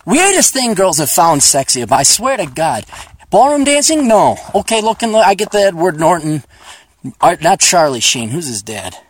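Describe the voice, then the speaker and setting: This podcast host's voice is a little high, slightly rough, and very animated, though his pace is a little slow. Recorded dry on a phone while hiking a trail, he rambles on in a joking, sarcastic, profane monologue.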